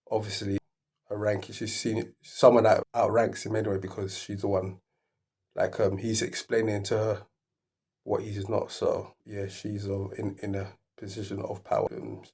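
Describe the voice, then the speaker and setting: A man's voice: lowish voice, darkish tone. Rambling man reacting to a trailer. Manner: rambling, restarting and circling his thoughts. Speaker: reaction video host. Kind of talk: thinking aloud while reacting.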